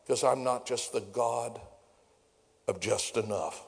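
A man's voice: mid-range voice, slow, gravelly, slightly rough. A man preaching a sermon as pastor, folksy and down-home, building to fervent preaching. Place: church sanctuary. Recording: long hall reverb.

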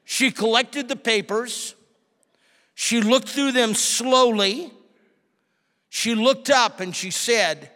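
High-voiced male preacher in a reverberant hall. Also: slow pace. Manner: animated, acts out quoted people. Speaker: pastor. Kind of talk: sermon with storytelling.

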